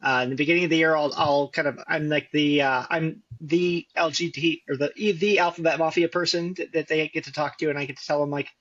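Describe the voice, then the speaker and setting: A man's voice: on the high side, fairly even intonation, fast talker, hardly any pauses, a bit bright, dry recording. A man guest who teaches pediatric residents, talking earnestly in casual chat and rambling a bit. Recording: dull lo-fi sound.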